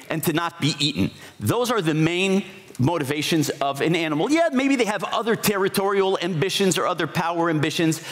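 Man giving an animated conference talk. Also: fairly high pitch. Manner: reflective, explanatory, with occasional restarts. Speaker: conference speaker. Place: conference hall. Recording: hall reverb.

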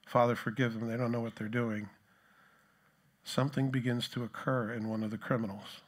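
A man's voice: mid-range voice, flat delivery, brisk. A male pastor giving a conversational sermon, now and then acting out the taunts of a crowd in a voice of his own. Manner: conversational preaching, acts out mocking voices of the crowd.

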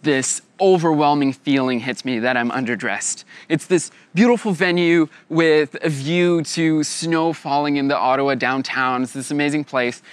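A young man telling a personal story in a lively way, laughing often and acting out the voices of others. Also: a little high, moderate pace, hardly any pauses, clear, resonant tone, no echo.

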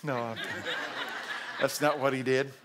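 A man preaching a sermon at a church service, animated and jokey, breaking into shouted acted-out lines. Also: medium pitch, normal speed, noisy background. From Texas.

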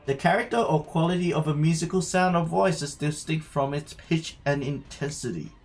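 A man's voice: fairly high pitch, moderate pace. A man streaming a game, chatting to himself and his viewers as he plays. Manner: chatty, talks to himself while playing. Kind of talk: live gameplay commentary. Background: faint game music.

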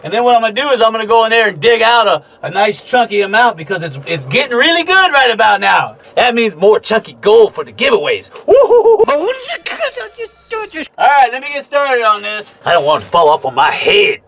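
Talking fast with hardly a pause, a man with a high, fairly bright voice and big pitch swings hosts a casual gold-prospector vlog from a narrow mine tunnel. He's folksy and jokey, whooping often, with slight background noise.

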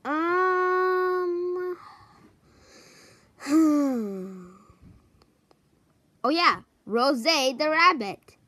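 A woman introducing a row of toys one by one, hesitant and pausing often to search for their names. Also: high voice, bright, forceful tone, no echo. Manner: hesitant, many pauses and ums. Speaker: toy show presenter.

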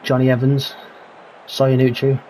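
A man's voice: mid-range voice, monotone, slow pace, dark tone, a little hiss or hum, rough recording. A man giving casual let's-play commentary on a football management game, calling out players and thinking aloud about tactics. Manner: calls player names, mutters his own worries. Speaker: gaming commentator.

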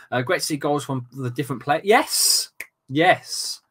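A man hosting a football watchalong, commentating live with loud outbursts, swearing and casual banter with friends. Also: fairly high pitch, lively intonation, slow pace, long pauses, slightly rough. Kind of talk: excitable live match commentary.

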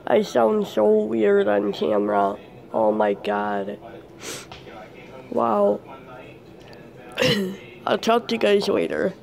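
A hoarse woman vlogger who is losing her voice, talking in a croaky, strained way and softly greeting her pet birds at home. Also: medium pitch, big pitch swings, slow, long pauses. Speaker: bird-keeping vlogger. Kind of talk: casual vlog chat.

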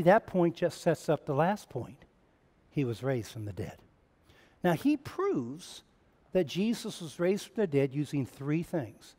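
Higher-voiced preaching man with a booming hall echo. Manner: dynamic preaching, swinging from loud emphatic runs to hushed quiet lines. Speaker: pastor. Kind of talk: sermon. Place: church sanctuary. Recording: long reverb of a church hall.

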